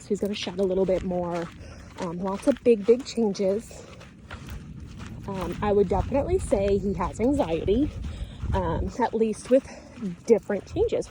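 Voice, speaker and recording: Woman, dog trainer, calm, instructive, mellow voice, outdoors, faint background noise. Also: mid-range voice, poor audio. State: hot and sweating. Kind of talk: training vlog narration.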